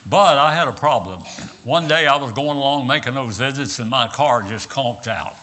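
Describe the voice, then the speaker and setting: Older male preacher, West Virginian Southern accent, sharp bright voice, folksy storytelling sermon. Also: medium pitch, moderate pace. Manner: folksy storytelling with frequent uh and repeated words. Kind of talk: sermon with personal stories.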